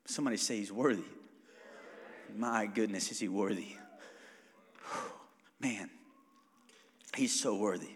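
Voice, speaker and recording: A male pastor preaching a sermon to his congregation, calling for amens and moving between loud preaching and quiet prayer. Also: lowish voice, slow, long pauses, in a large hall. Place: church sanctuary.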